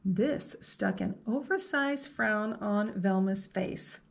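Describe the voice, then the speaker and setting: A woman librarian reading a picture book aloud to children, slow and gentle, stopping to ask the listener questions. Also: medium pitch, vocal fry.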